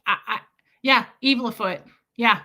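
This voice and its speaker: A young woman hosting a live stream, chatting casually and reading out viewers' names in an animated, chatty way. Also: on the high side, normal speed. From Midwest US. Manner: chatty, animated, reads chat names aloud. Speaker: livestream host.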